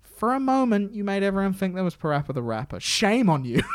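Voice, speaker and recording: A man's voice: high-pitched, big pitch swings, fast, slight background noise. A man co-hosting a casual podcast chat, ranting and swearing, acting out what others said. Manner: ranting, sweary, mimics people in quotes. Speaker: podcast co-host.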